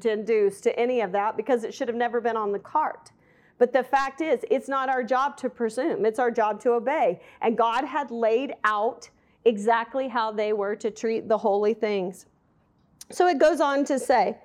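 A woman's voice: sits high, expressive, moderate pace. A woman giving a candid, conversational sermon, often asking her listeners questions. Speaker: Bible teacher.

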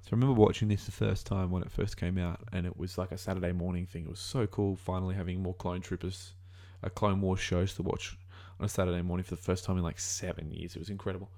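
A young Australian man talks through a casual reaction video with a somewhat low voice. He muses aloud as he goes, drifting between thoughts and correcting himself mid-sentence. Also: level tone, fast talker, few pauses, darkish tone. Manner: musing aloud, rambling, self-correcting.

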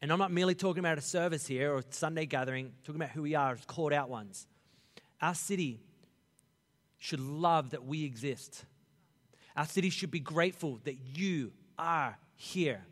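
A man preaching a sermon as pastor, animated and conversational, acting out Bible figures in a casual voice. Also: on the high side, normal speed, long reverb tail.

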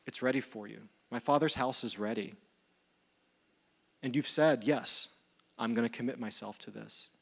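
A man's voice: medium pitch, moderate pace, creaky, long pauses, slightly rough. A male pastor preaching a sermon in a conversational way, acting out the lines of the parable. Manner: conversational, animated retellings of dialogue.

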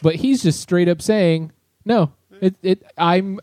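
A man co-hosting a casual podcast chat, laid-back and joking, quick to argue his point. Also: high-pitched, a little mellow, dry recording. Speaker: podcast co-host.

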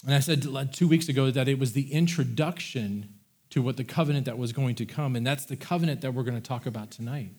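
A middle-aged man preaching a sermon as pastor, talking in a relaxed, conversational way and retelling scripture in everyday words. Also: mid-range voice, fast talker. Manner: conversational, paraphrases scripture in a casual voice.

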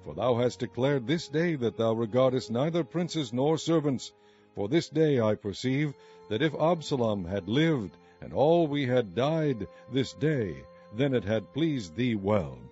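A man's voice: mid-range voice, expressive, unhurried, warm tone, natural voice. A man voicing a stern army captain who sternly rebukes his king. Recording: muffled recording with faint music.

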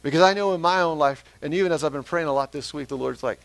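A man's voice: a little high, fast talker, gravelly, hardly any pauses. A man preaching a sermon as pastor, asking the congregation question after question. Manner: asks the congregation repeated questions.

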